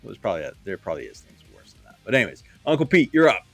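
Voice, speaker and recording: Man hosting a casual panel show, lively up-and-down delivery, faint music behind. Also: fairly low pitch, rapid-fire, husky. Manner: playful, teasing moderator. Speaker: podcast host.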